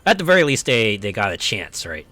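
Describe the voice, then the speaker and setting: A man's voice: fairly low pitch, big pitch swings, brisk. A man who streams as a VTuber, chatting casually and rambling with lots of fillers while he plays a game. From United States. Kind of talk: casual chat while gaming. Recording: loud racing game music and engine noise behind. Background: game music and race car sounds.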